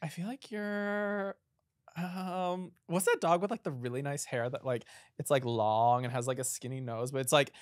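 A man's voice: a little high, fairly even intonation, normal speed, dry recording, clean studio sound. A man in casual podcast chat, telling stories with lots of "like" fillers. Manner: chatty storytelling, heavy on "like" fillers. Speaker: podcast participant.

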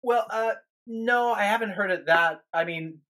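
A man's voice: sits high, measured pace, sharp tone. A man who is a guest minister on a podcast, telling a story in an earnest way, with many restarts and repeated words.

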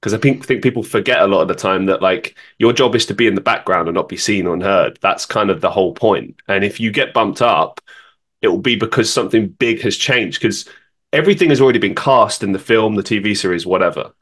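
Low-voiced man rambling on a podcast. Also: fairly quick, fairly bright tone. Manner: rambling, many "like" fillers. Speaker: podcast host. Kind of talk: casual chat.

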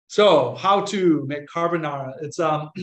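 Young american priest telling stories to a room, kinda high voice, chatty and lively, echoey hall sound. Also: male voice, takes it slowly, a little hiss or hum. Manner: chatty, animated, acts out quoted voices. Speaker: Catholic priest giving a talk. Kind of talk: casual storytelling lecture. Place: room with an audience.

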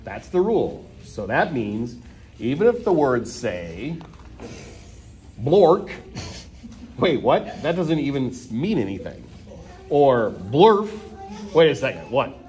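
A man reading a children's book aloud, animated and playful, with mock protests and gleeful nonsense sounds. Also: mid-range voice. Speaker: storytime reader.

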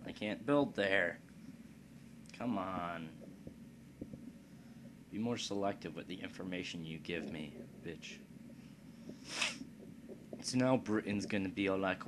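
Slow and low, with long pauses, a man offers laid-back commentary over a strategy game for a let's play, amusing himself with crude, profane jokes and digressions. Steady background noise is present in the recording.

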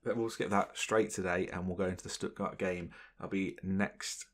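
A young man commentating his football management game, excitable and exclaiming when things go his way. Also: sits low, normal speed. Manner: excitable, swearing mildly in exclamations. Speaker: gaming channel host. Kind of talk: gameplay commentary.

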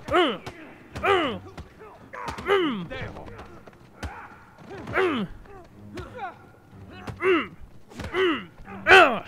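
A man commenting on his own gameplay, reacting loudly and swearing at what happens on screen. His voice sits high and leaps around a lot, and he talks in slow bursts. Faint game music plays behind him. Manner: excitable, yelling and swearing at the game. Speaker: gaming commentator. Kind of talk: let's play commentary.

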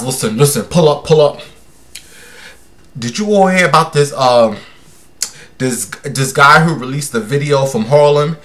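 A sassy man in a casual gossip livestream, his voice sitting a little higher than most men's. He talks brashly and directly to his viewers, full of attitude. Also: a bit bright. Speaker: livestream host.

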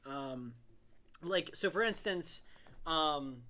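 Chatty man with a bright, higher voice. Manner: chatty, animated, quick to laugh. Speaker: podcast co-host. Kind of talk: casual chat.

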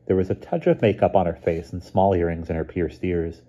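Low, mellow storybook narrator man. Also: steady tone, fairly quick, dull audio. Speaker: reader.

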